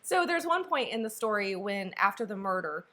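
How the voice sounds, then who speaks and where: A woman's voice: mid-range voice, big pitch swings, normal speed, pushed and bright. A woman co-hosting a book review, casually retelling a story and acting out characters' lines.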